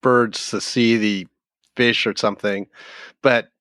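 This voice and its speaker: A man's voice: lowish voice, steady tone, slow pace, a bit bright, no room sound, clean studio sound. A man co-hosting a podcast, chatting casually and joking with laughs. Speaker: podcast co-host. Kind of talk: casual chat.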